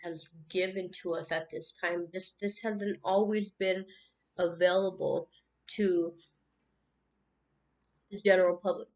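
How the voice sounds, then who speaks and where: A woman's voice: on the low side, fairly even intonation, a little slow, long pauses, a little mellow, muffled recording. A woman talking earnestly and emotionally in an unscripted spiritual monologue, often repeating words as she goes. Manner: earnest, repeats words and restarts, tearful at times. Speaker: spiritual tarot channel host.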